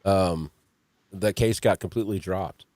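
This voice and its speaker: A man's voice: low voice, unhurried, darkish tone, no room sound. A middle-aged man hosting a podcast, talking casually and rambling, with some swearing. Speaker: podcast host. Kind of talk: casual chat.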